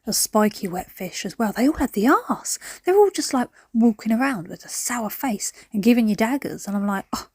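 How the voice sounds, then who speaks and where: A woman's voice: fairly high pitch, lively intonation, a little fast, few pauses, darkish tone, slightly rough, no echo, clean studio sound. A woman, chatting through a cleaning vlog at home, rambling between stories and sudden whispered asides. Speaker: cleaning vlogger. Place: at home, indoors.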